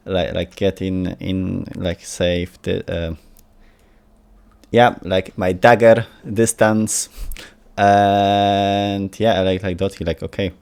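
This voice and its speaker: A man's voice: low-pitched, creaky, a little mellow, clear, resonant tone. A man playing in a tabletop game, talking casually and rambling with many likes and laughs. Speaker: player.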